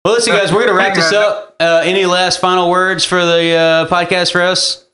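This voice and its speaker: A young man hosts a podcast in a relaxed, joking way, with plenty of swearing between friends. His voice sits somewhat high. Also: fairly quick. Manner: loose, swearing, joking banter. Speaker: podcast host. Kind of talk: casual chat.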